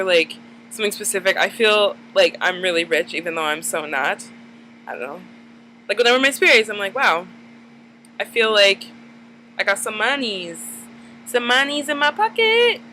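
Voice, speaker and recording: Chatty young woman with a bright voice. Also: medium pitch, slight background noise, low-quality recording. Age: 20s. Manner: rambling, chatty, lots of "like" fillers. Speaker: vlogger. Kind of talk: casual chat to camera. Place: dim room at night.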